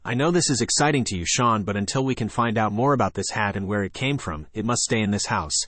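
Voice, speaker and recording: A man reading aloud, playing a relaxed, playful father who turns firm with his kids. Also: on the low side, quick pace, dry recording. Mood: easygoing, firm. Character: easygoing, playful dad.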